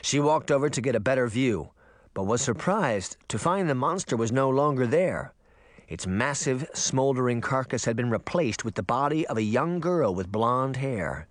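A man narrating an audiobook with expressive, dramatic storytelling. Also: mid-range voice, normal speed, dry recording. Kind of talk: audiobook reading.

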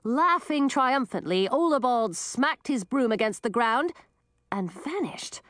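Woman narrator, storybook read-aloud, very lively pitch, dry close sound. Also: a little slow, dry recording. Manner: expressive, dramatic.

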